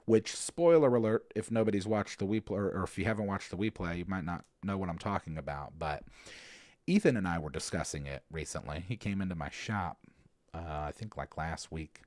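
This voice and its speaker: Deep-voiced man in casual rambling chat. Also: a little fast, no room sound, clean studio sound. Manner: rambling and animated, frequent fillers and restarts. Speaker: podcast host answering listener questions.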